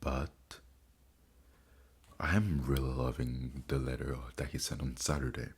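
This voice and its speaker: Very deep-voiced man reading letters slowly. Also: steady tone, husky. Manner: slow, halting reading with restarts. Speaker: book reader and commentator. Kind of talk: reading letters aloud with commentary.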